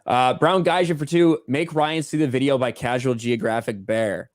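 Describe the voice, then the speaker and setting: A man's voice: mid-range voice, normal speed, no room sound. Guy reading superchats on a stream, dry close mic, swears casually. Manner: reads donations aloud, swears offhandedly. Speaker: livestream co-host reading superchats. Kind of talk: casual livestream chat.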